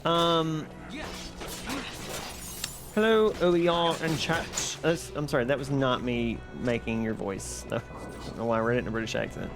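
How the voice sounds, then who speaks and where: A man streaming live, chatting casually and excitably with his viewers while playing a game. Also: medium pitch, brisk, gravelly, over music. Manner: excitable, chatty, reads and answers chat.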